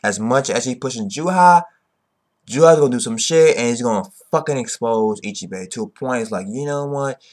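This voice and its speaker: A young man reviewing a manga chapter in casual commentary. He is excitable, swears a lot, uses heavy slang and keeps tagging "okay?" onto his sentences. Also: mid-range voice, a little fast.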